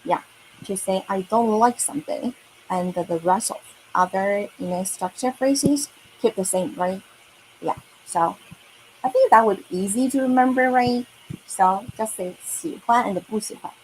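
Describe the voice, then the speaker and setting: A woman's voice: medium pitch, unhurried, darkish tone, slight background noise, rough recording. A woman teaching a lesson, who repeats words and sentences patiently and checks in with frequent okays and rights. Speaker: Mandarin teacher. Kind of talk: online language lesson.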